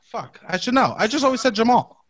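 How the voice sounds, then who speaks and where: A man from New York as a podcast guest, swearing and laughing through animated banter. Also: very high voice, a little fast, very noisy. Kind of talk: casual chat.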